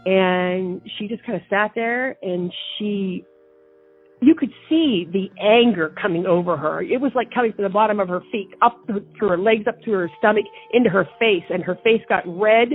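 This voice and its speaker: A woman's voice: medium pitch, moderate pace, slightly rough. Woman, indignant storyteller, repeats and restarts, tinny phone sound, faint music. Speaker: interview guest recounting events. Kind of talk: personal storytelling.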